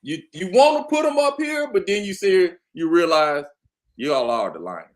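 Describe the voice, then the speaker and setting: Guy w a lively up-and-down voice, laughing n teasing about football picks. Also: high-pitched, normal speed. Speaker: sports talk panelist. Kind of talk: casual sports chat.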